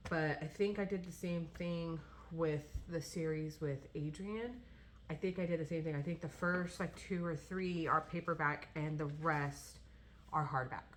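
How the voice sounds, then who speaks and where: A woman in her thirties talks casually with a low-pitched voice. She rambles, stops and restarts, and fills her pauses with um and like. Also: fairly bright tone, a little hiss or hum. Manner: rambling, with many fillers and restarts. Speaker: vlogger talking about books. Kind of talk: casual chat.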